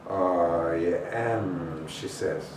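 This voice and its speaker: A man leading a guided meditation as a healing teacher, intoning slowly and deliberately with long pauses. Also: sits low. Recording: roomy echo, voice far from the mic, faint noise.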